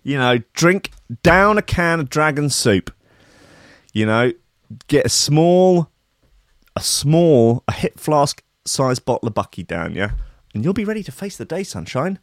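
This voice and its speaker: A young man hosting a casual livestream, rambling and swearing with sudden loud outbursts. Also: a little high, very animated, unhurried, dry recording, studio quality. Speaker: livestream host. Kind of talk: casual profane livestream commentary.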